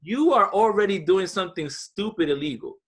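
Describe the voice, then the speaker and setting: A man's voice: high voice, expressive, a little fast, breathy edge. A man co-hosting a podcast, ranting in casual chat with lots of profanity. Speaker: podcast co-host.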